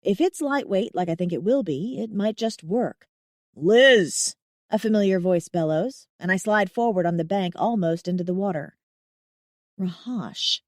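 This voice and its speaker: A young adult woman narrating a first-person audiobook, with an expressive, emotive delivery and dramatic swings. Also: medium pitch, brisk, few pauses, no echo, clean studio sound.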